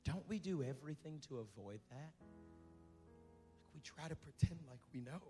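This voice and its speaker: A man with a fairly high voice preaches a sermon, talking conversationally and repeating phrases to drive them home. His voice rings out with a long reverb in a church hall, and soft music plays behind him. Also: animated, unhurried. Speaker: pastor. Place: church sanctuary.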